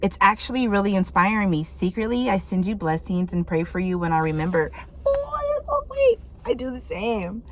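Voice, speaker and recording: A woman reading tarot messages in casual chat, candid and loose, swearing freely and reacting out loud. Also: on the low side, fairly quick, hardly any pauses, a little hiss or hum. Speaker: tarot reader.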